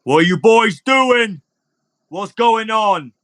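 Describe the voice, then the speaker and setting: A man voicing a burly, gruff male tavern guard who barks slow, loud questions. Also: high-pitched, lively intonation, pitched above the performer's own voice, heavily acted. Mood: gruff, suspicious.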